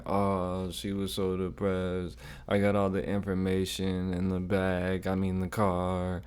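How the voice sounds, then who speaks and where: A man's voice: sits low, mellow. A man hosting a reaction video, giving emphatic commentary and repeating his points insistently.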